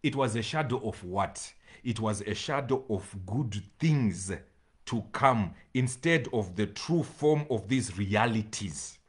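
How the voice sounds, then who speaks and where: A man preaching a sermon to his congregation, reading scripture slowly and repeating phrases for emphasis, sometimes pleading with his listeners. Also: fairly low pitch, expressive. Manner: addresses congregation directly, pleading. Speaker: pastor.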